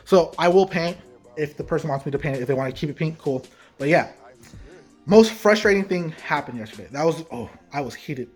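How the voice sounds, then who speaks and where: A man, a parent and sneaker vlogger, telling a casual story to the camera with quoted dialogue, animated and heated. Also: fairly high pitch, fairly quick, faint music behind. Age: adult parent.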